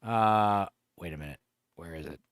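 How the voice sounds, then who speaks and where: A man's voice: deep voice, normal speed. A man hosting a casual livestream, rambling and chuckling as he chats. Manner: rambling, chuckling, with lively intonation. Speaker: streamer host.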